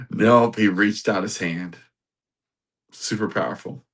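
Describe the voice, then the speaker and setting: A man hosting a podcast, giving a sermon-like Bible talk, animated and laughing often. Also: fairly low pitch, a little slow, long pauses. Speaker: podcast host.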